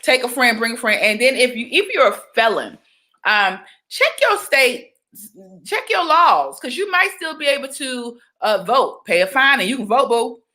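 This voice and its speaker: A young woman from Georgia, chatting casually on a livestream, animated and talkative. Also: fairly high pitch, normal speed. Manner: chatty, animated, breaks into sung exclamations. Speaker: livestream host.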